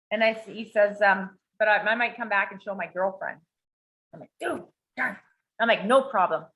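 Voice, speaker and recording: Profane, animated woman telling a story. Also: medium pitch, normal speed, poor audio. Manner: profane, animated, acts out quoted dialogue. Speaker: podcast co-host. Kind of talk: casual storytelling chat. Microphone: video call.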